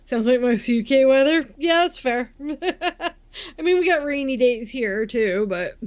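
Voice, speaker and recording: A woman's voice: high voice, lively intonation, unhurried, dry recording, low-quality recording. A woman giving casual, giggly commentary while playing a life-simulation game, sleepy and yawning as she chats. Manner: giggly, chatty, self-mocking about being tired.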